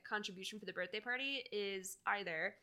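A woman co-hosts a relaxed podcast, chatting loosely about a film and filling gaps with "like" and "um." Her voice has a bright edge at a middle pitch. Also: brisk. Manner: chatty, full of "like" and fillers. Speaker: podcast co-host. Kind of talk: casual chat, reviewing a film.

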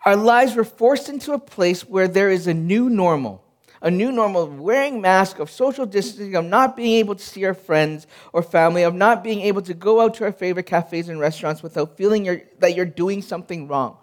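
Earnest high-voiced male pastor. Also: brisk. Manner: earnest, personal storytelling with frequent restarts. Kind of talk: sermon.

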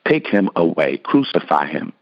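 A guy reading pushy accusing priests, low voice, dull muffled audio. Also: sing-song, normal speed, exaggerated voice. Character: group of hostile male religious leaders, insistent.

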